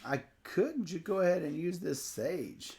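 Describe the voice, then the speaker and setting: A man's voice: a little high, very animated, measured pace, vocal fry, a little mellow, a little hiss or hum. A playful man co-hosting a tabletop card game playthrough, reading card text aloud and laughing often. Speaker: co-host teaching a card game.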